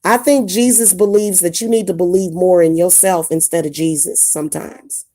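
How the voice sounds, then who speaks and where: A woman's voice: fairly low pitch, fairly even intonation, normal speed, warm tone. A woman vlogger ranting casually to her viewers, blunt and indignant, often repeating herself. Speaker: spiritual advice vlogger. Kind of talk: casual ranting monologue to camera.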